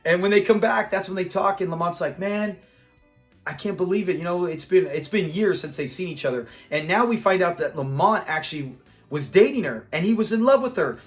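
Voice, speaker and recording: Laughing, chatty high-voiced man. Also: a little fast, soft background music. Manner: animated retelling, laughs often and quotes characters. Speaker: host reviewing a sitcom episode. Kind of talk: casual episode review.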